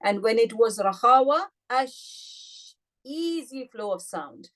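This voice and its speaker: A woman teaching an online recitation class. She explains patiently, asks her students questions and says sounds slowly, several times over. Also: fairly high pitch, animated, fairly bright tone. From United Kingdom. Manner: patient, demonstrates sounds slowly and repeats them; addresses students directly with questions. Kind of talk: online tajweed lesson.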